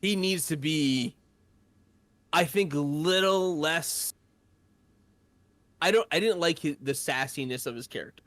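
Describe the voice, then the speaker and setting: A man co-hosting a casual movie discussion, thinking aloud in a measured, agreeable way. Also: on the high side, fairly bright tone, no room sound. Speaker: co-host of a movie discussion show.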